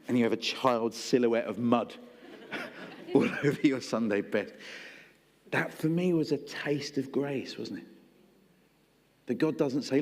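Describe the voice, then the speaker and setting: A man's voice: medium pitch, a little slow, pauses often, darkish tone. A male preacher delivering a sermon in a conversational storytelling style, acting out voices. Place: church hall. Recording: long hall reverb.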